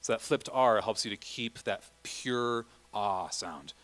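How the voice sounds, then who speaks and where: A man's voice: lowish voice, takes it slowly, a bit bright. A middle-aged man directing a choir rehearsal in a church, chatty, often singing vowel and Latin examples.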